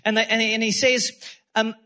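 A man's voice: high-pitched, level tone, moderate pace, pushed and bright. A man preaching a sermon as pastor, fervent and repetitive, calling out praise between points. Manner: fervent preaching with repeated phrases and exclamations.

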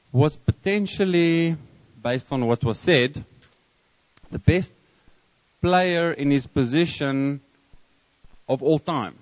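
South African man preaching in a reverberant hall. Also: medium pitch. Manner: storytelling, reflective, with many restarts and pauses. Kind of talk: sermon. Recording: long hall reverb, dull lo-fi sound.

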